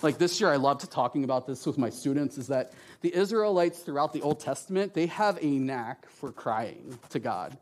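A man's voice: medium pitch, moderate pace. A man preaching a sermon with slides in a church, talking in a conversational way, often tagging his sentences with "right?" and acting out the voices in his quotes. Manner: lively, animated, acts out voices in quotes. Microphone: handheld mic.

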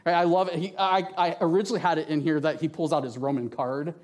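A man's voice: a little high, quick pace. A man preaching a sermon with slides in a church, talking in a conversational way, often tagging his sentences with "right?" and acting out the voices in his quotes. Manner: lively, animated, acts out voices in quotes. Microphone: handheld mic.

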